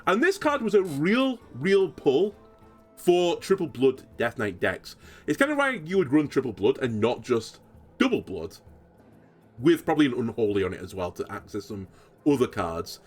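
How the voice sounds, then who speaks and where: A man giving card review commentary as a content creator, animated and thinking aloud as he goes. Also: moderate pace, soft background music. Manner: animated, swooping pitch, thinks aloud with fillers.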